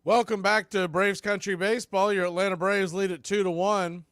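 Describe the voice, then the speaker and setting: A man calling live baseball play-by-play on a studio mic, with excitable calls and chatty asides. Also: high-pitched, normal speed. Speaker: play-by-play announcer.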